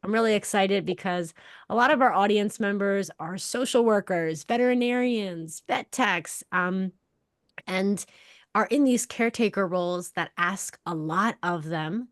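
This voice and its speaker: A woman's voice: medium pitch, a little slow, no echo, studio quality. A woman hosting a podcast, bubbly and enthusiastic, chatting casually and laughing often. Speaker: podcast host. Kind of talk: casual interview chat.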